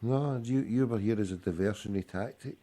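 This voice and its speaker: A man's voice: lowish voice, fairly quick, dark tone. A man hosting a casual radio show, swearing constantly and teasing his guest bluntly. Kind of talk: casual chat.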